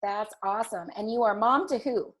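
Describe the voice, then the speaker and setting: A woman's voice: mid-range voice, moderate pace, fairly bright tone, a little hiss or hum, rough recording. A woman moderating a video call panel, upbeat and encouraging as she directs the talk. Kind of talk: casual video call chat.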